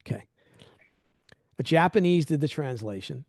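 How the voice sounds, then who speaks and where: A middle-aged man hosting a podcast, chatting casually and telling animated stories that act out quoted dialogue. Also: on the high side, moderate pace, no echo, studio quality. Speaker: podcast host. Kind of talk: casual interview chat.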